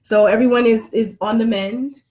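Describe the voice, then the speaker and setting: A woman's voice: fairly high pitch, fairly even intonation, moderate pace, warm tone. A middle-aged woman vlogger chatting casually to live viewers, joking and greeting them by name.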